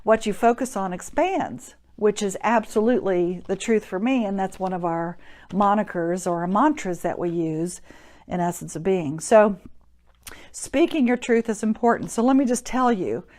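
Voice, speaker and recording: A woman's voice: mid-range voice, moderate pace, darkish tone. Woman doing a live stream talk, chatty and encouraging, says hi to viewers. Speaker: host.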